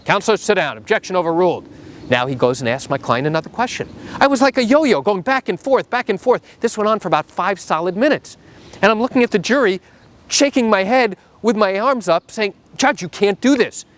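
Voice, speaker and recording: Animated middle-aged male attorney. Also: high-pitched, brisk. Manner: animated and emphatic, acts out the quotes. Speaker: trial attorney. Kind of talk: storytelling to camera.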